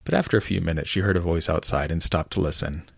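A man reading a storybook aloud as narrator in an expressive, measured way. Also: sits low, gravelly, breathy edge, no room sound, clean studio sound.

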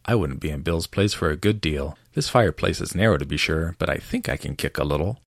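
A man's voice: extremely low pitch, lively intonation, fairly quick, vocal fry, no echo, clean studio sound, heavily acted. A man voicing a curious, talkative little girl who muses aloud to herself, in a storybook reading. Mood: wondering. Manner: musing to herself.

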